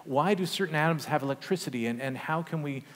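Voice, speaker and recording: A man preaching a sermon, telling a personal story in a conversational, animated way with humorous asides. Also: fairly high pitch, quick pace. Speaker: pastor. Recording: long church reverb.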